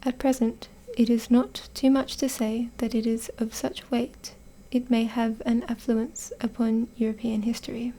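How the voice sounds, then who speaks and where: Whispered role-play: an Australian woman reading as a stern masked nobleman, soft and mellow. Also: fairly high pitch, measured pace, hardly any pauses. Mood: grave. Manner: soft and even, no put-on accent. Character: stern foreign male nobleman in a mask.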